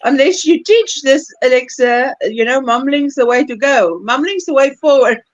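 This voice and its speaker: A woman's voice: high voice, normal speed, dry recording, muffled recording. A woman hosting a crochet livestream, chatting casually, laughing often and reading viewer comments aloud. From South Africa.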